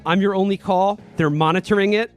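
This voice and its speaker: A man's voice: sits high, fairly even intonation, fairly quick, soft background music, pitched above the performer's own voice, lightly acted. A man reading out the lines of a terse male soldier hero in a clipped, curt way.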